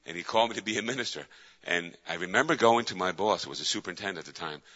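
A man's voice: low voice, lively intonation, very fast, a bit bright. A man, a pastor, preaching a sermon with emphatic repetition. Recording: echoey hall, dull lo-fi sound.

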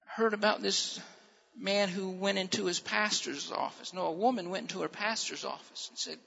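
A man preaching a sermon as a pastor, emphatic and repetitive, dropping at times to hushed tones, recorded in a church sanctuary. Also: high-pitched, steady tone, moderate pace, gravelly, breathy edge. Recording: muffled sound with long reverb in a hall.

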